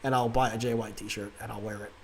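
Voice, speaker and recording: A man's voice: lowish voice, little pitch movement, fast, slightly rough. Male podcast host, casual and giggly, lots of ums and uhs. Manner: laughing, loose, filler-heavy. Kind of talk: casual chat.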